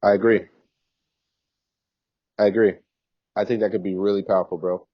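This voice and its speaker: A man's voice: on the low side, level tone, normal speed, no echo. A man in casual planning talk with a business partner, agreeable and upbeat, thinking aloud, heard over a video call. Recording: dry, dull call audio.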